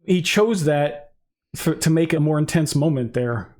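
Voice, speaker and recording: A man's voice: fairly high pitch, lively intonation, a little slow, a little mellow. A man co-hosting a music reaction show, chatting casually and eagerly explaining musical details. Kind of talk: casual chat reacting to songs.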